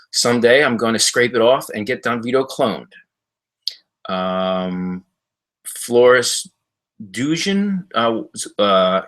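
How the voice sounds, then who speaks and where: A middle-aged man talking casually to viewers on a livestream from his home library, telling stories in a rambling, halting way with lots of fillers. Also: a bit bright. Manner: jumps high when mimicking others in stories. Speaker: livestream host answering viewer comments. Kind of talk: casual livestream chat and storytelling.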